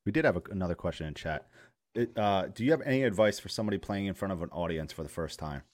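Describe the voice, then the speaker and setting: Laughing, lively low-voiced man. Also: quick pace. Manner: laughs often, loose and swearing. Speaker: stream host. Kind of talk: casual chat.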